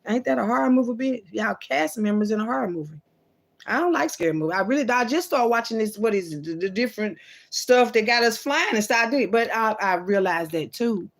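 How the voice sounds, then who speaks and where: Gravelly woman rambling to her viewers. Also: on the high side, lively intonation, brisk. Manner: loose, profane, talks straight to viewers. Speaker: vlogger. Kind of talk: casual rambling spiritual monologue.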